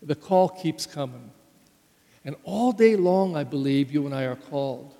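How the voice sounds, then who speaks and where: Male priest, slightly high voice, homily with stressed key words, long church reverb. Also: expressive, measured pace. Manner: conversational preaching with stressed words and sudden loud rises. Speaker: pastor. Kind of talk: sermon.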